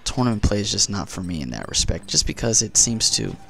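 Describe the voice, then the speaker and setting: A man's voice: on the low side, very animated, a little fast, vocal fry, sharp tone. A man doing casual gameplay commentary in a just-woken morning voice, chatty and rambling with self-mocking jokes. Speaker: gaming commentator.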